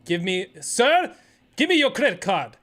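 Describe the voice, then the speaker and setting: A man's voice: high-pitched, very animated, unhurried, fairly bright tone, full character voice. A man voicing a curt, pushy male rental car clerk who talks in clipped, insistent lines. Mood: rude, pushy.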